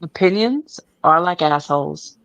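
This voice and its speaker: A woman co-hosting a live stream chat, mocking and blunt, often mimicking others in a high voice. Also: lively intonation, a little slow, a bit bright. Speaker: stream co-host. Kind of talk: casual chat.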